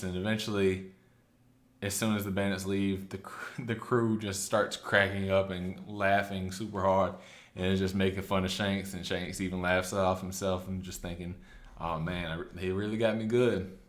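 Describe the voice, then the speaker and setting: Deep-voiced man chatting through a story recap. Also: a bit bright. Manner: loose, chatty retelling with quick acted quotes. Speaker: anime recap host. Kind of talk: casual recap.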